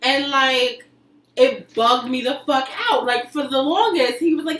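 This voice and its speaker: Blunt high-voiced woman in echoey room. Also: moderate pace. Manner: blunt, profane, animated storytelling. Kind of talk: casual group chat. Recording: echoey room, mic from a distance, faint noise.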